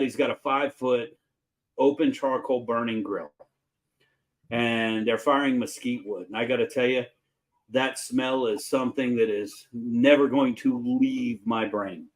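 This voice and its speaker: A man's voice: medium pitch, low-quality recording. Folksy middle-aged man telling kitchen stories. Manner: folksy, animated storyteller with fillers. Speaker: chef and show host. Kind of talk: casual storytelling.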